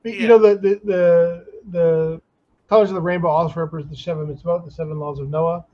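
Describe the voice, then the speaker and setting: A man's voice: fairly high pitch, steady tone, brisk, lo-fi sound. A man in casual chat, rambling and chatty, with many restarts. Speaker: guest, comics artist.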